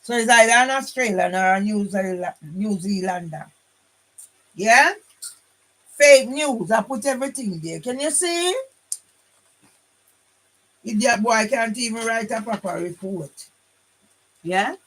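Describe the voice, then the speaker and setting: A woman's voice: on the high side, animated, a little slow, long pauses, fairly bright tone, low-quality recording. Older woman, combative rambling vlog. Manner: combative, repeats tag question "yeah?"; rambling, restarts lines. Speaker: vlogger. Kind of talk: casual monologue to camera.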